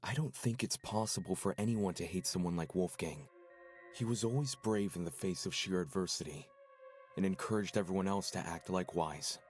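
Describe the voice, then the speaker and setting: Casting: actor as a smooth, composed male suspect, low voice, measured, game score under. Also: a little mellow, faint music behind, natural voice.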